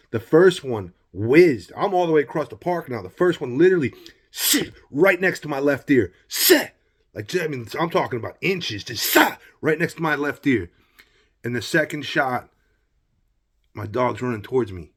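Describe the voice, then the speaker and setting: A man's voice: medium pitch, breathy edge. A middle-aged man telling a personal story in a vlog, rambling and heated, often asking "you know what I mean". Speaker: vlogger.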